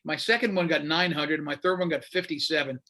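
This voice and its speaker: A man in his fifties, a radio show host appearing as a guest, talks bluntly and animatedly in a casual interview chat. His voice is on the high side, fast, and sharp in tone.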